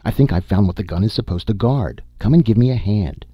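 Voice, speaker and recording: A man reading an audiobook, voicing an eager, nearsighted male archaeologist with an excited, curious delivery. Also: lowish voice, brisk, husky, dry recording, clean studio sound, voice pushed up.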